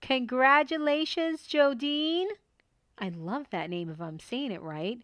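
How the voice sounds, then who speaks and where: A middle-aged woman hosting a papercraft tutorial, chatting casually and excitedly while she works and talking herself through each step at her desk at home. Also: high voice, takes it slowly, no room sound, clean studio sound. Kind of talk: casual crafting tutorial chat.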